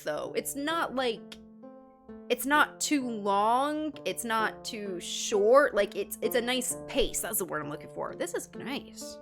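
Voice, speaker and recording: A young woman playing through a game and chatting excitedly with viewers as she reacts out loud. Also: on the high side, takes it slowly, over music. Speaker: gaming streamer. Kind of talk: let's play commentary.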